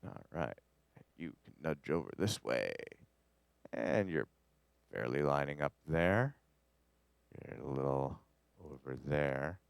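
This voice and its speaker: Low-voiced canadian guy rambling through a production class, dry close sound. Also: lively intonation, slow pace, creaky, long pauses, clear, resonant tone, dry recording. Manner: rambling, jokey, talks to the audio as he edits. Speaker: music production instructor. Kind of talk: live studio master class.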